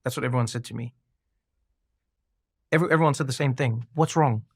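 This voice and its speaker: Podcast guest, man, lively storyteller, dry close mic. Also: mid-range voice, fast talker, husky, no room sound. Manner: animated storyteller, acts out quoted voices. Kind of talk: casual conversation.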